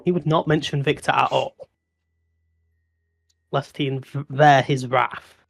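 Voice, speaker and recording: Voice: medium pitch, fairly even intonation, slow pace, creaky. A tabletop game player trading teasing wisecracks in casual banter around the table.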